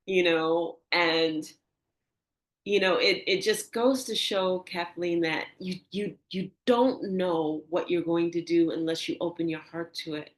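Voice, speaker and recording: Older woman, lowish voice, storytelling interview guest, animated then hushed. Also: measured pace. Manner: animated, acts out quoted dialogue with rising pitch; drops to a soft, hushed tone for reflective moments. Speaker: interview guest, energy healer.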